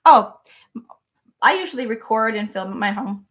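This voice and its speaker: Middle-aged woman, slightly high voice, bubbly live-stream host chatting from her home office. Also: animated, normal speed, fairly bright tone. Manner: bubbly, greets viewers by name. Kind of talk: casual live-stream chat.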